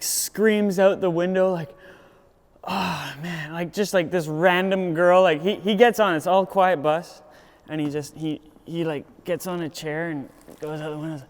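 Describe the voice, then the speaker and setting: Young male skater, lively storyteller, smooth higher voice, recorded in a reverberant room. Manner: animated, laughs a lot, acts out quotes. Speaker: pro skateboarder. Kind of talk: casual storytelling. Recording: echoey room with loud background noise.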